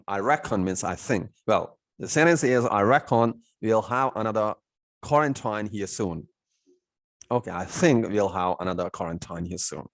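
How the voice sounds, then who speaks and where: Male tutor, lowish voice, self-answering teaching questions. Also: vocal fry. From India. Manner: repeats "means what?" and answers himself, many "you know" fillers. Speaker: English teacher. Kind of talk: recorded lesson explaining vocabulary.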